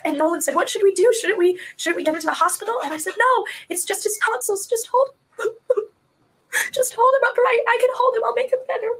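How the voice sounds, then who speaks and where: A woman, a mother, recounting events in a recorded police interview, distraught and soft-voiced, her voice often breaking into tears. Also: very high voice, brisk, a little hiss or hum, low-quality recording. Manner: soft-voiced, quiet when upset. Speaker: mother being questioned by police.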